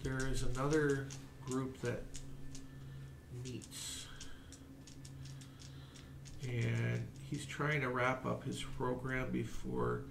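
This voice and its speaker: Slow, gravelly game master. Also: male voice, mid-range voice, expressive, reverberant, noisy background. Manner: halting, many fillers. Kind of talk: narrating a tabletop game.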